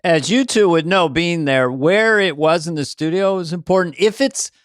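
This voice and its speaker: A man's voice: fairly high pitch, normal speed, clear, resonant tone, dry recording, clean studio sound. A man hosting a podcast, chatting casually in a rambling, self-deprecating way. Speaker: podcast host. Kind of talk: casual chat.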